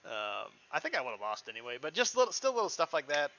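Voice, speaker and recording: A man's voice: on the high side, fast talker, highs cut off. A man streaming a game, chatting casually and rambling at length with friends. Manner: rambling, animated. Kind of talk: casual chat while gaming.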